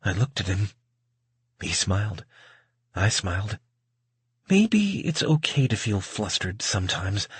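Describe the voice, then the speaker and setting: Husky male audiobook narrator. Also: lowish voice, very animated, no echo. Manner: measured, wry first-person reading.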